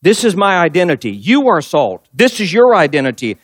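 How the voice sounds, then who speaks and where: A man's voice: fairly high pitch, very animated, a little fast, no room sound. A middle-aged male pastor preaching a sermon, telling a personal story and driving points home with emphatic repetition.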